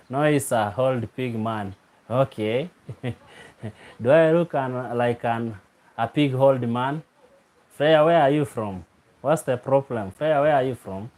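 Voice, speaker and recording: A man hosts a live stream in a relaxed, drawn-out way. He laughs often and teases viewers, repeating their names as he reads their comments aloud. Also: mid-range voice. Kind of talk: casual live stream chat reading comments.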